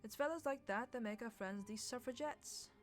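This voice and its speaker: A woman voicing a jovial, hearty upper-class male government minister with drawn-out exclamations, soft music behind. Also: a little high, pitched above the performer's own voice, close to an everyday voice.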